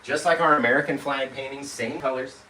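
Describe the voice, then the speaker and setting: A man hosts a live painting tutorial, chatty and upbeat as he walks viewers through each step. His medium-pitched voice has fairly even intonation and runs a little fast, recorded in a roomy space on a distant mic with faint noise.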